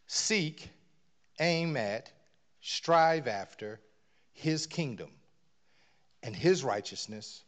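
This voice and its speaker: A man preaching a sermon, dropping to near-whispers and then rising to loud emphatic bursts, often repeating words as he builds. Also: mid-range voice, lively intonation, takes it slowly, long pauses.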